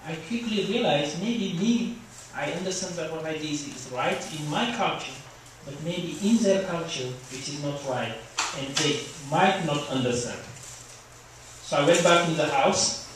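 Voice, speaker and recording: A man's voice: fairly high pitch, unhurried, noisy background. A middle-aged man giving a university lecture on human rights, explaining earnestly and telling a personal story. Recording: echoey room recorded from far off.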